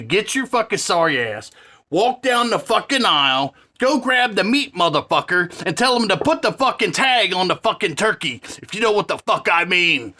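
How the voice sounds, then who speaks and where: Man ranting through a grievance story, profane and heated, bright edge. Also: high-pitched. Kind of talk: angry storytelling rant.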